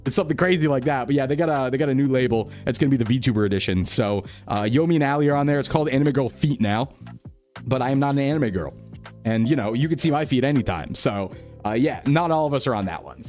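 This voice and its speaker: A man's voice: medium pitch, fast talker, darkish tone, soft background music. Chatty young man streaming live. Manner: rambling, chatty, reads chat aloud, laughs often. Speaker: VTuber streamer. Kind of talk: casual live-stream chat.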